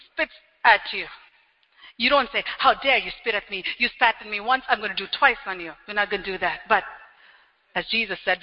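A man preaching a sermon as pastor, animated and acting out everyday scenes with quick little quoted voices. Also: high-pitched. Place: church hall. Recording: dull lo-fi sound with long hall reverb.

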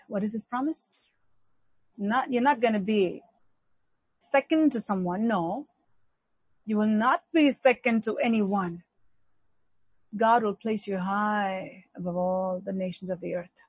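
A woman's voice: medium pitch, takes it slowly, long pauses, darkish tone, slightly rough, no room sound, rough recording. A woman preaching a sermon, emphatic, repeating key words as she leads a Bible reading.

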